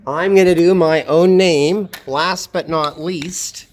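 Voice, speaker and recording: A man's voice: on the high side, steady tone, takes it slowly, a little hiss or hum. A man teaching a phonetics lesson, explaining pronunciation patiently and thinking aloud as he goes. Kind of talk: phonetics lecture.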